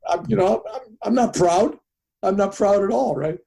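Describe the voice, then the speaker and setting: A man in his seventies, appearing as a podcast guest, tells his story with animated flair and acts out the other people in it. His high voice is dark and a little husky, at a normal speed.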